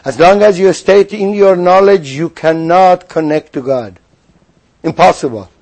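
A man's voice: high voice, unhurried, darkish tone. A man teaching a spiritual lesson who asks his listeners questions and acts out the figures in the story. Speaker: religious teacher.

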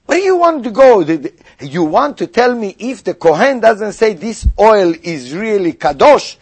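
A man giving a sermon, acting out skeptics' questions in a raised voice and sinking to quiet asides. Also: high-pitched, normal speed, few pauses, breathy edge. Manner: animated, voices mock objections then drops to quiet asides. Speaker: rabbi.

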